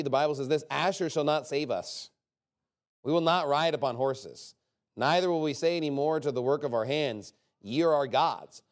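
A man delivering a sermon in a slightly high-pitched voice. He preaches conversationally, peppering his points with "okay?" and "you know." His delivery swings between low, quiet asides and loud, forceful bursts.

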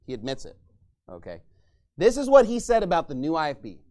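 A man preaching a fiery sermon as pastor, angry and mocking, shouting at times. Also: a little high, huge pitch swings, a little fast.

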